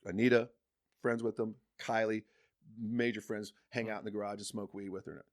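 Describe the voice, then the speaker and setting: A man telling a personal story as a guest on a podcast, animated, jumping from loud emphasis to hushed asides. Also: on the low side, moderate pace. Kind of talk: casual storytelling.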